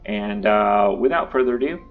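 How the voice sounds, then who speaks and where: A man hosting his own channel, talking through card decks in a casual, relaxed way with lots of uh and um fillers. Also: on the low side, normal speed, narrow, tinny audio, soft background music. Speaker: YouTube channel host. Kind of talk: casual deck-building commentary.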